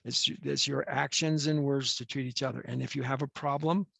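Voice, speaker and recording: A man's voice: mid-range voice, fairly even intonation, moderate pace, gravelly, fairly bright tone, slightly rough, no room sound. A man officiating a wedding over a video call, chatty and joking as he rambles.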